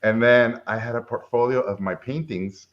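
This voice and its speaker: A middle-aged man from Mexico, a film director, telling a story in a lively way and acting out the people in it. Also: medium pitch, normal speed, lo-fi sound. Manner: animated, acts out quoted voices. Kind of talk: casual storytelling chat.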